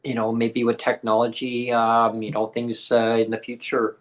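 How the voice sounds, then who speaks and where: A man's voice: mid-range voice, completely flat delivery, normal speed. A man co-hosting a podcast, telling a personal story in a rambling way, full of fillers and acted-out dialogue. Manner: rambling, many fillers, acts out quoted dialogue. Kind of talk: casual storytelling in a video podcast.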